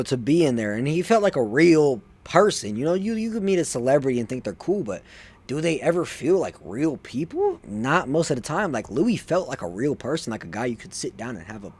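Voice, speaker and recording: A man's voice: medium pitch, big pitch swings, fairly quick, darkish tone, breathy edge. An eighteen-year-old man telling stories casually, rambling and full of fillers. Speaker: vlogger. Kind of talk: casual storytelling.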